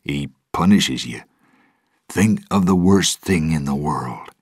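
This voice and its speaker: A man's voice: very deep voice, lively intonation, slow pace, husky, no room sound, studio quality, heavily acted. Man as a grave, frightened old sailor. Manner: grave, sometimes hushed. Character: serious, fearful old sailor, male. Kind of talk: audiobook storytelling.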